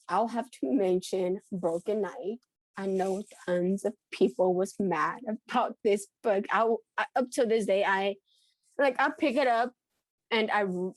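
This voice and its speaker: A woman's voice: medium pitch, no room sound. A woman co-hosting a book podcast in casual chat, talking with many restarts and frequent laughs. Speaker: podcast co-host.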